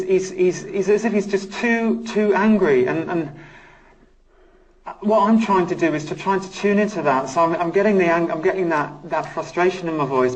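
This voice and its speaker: A man working as a psychic medium on a live ghost hunt, talking in halting bursts and repeating his words. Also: fairly high pitch, recorded from a distance, a little hiss or hum, rough recording. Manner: halting, repeats words, speaks of feeling panic and anger. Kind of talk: live paranormal investigation.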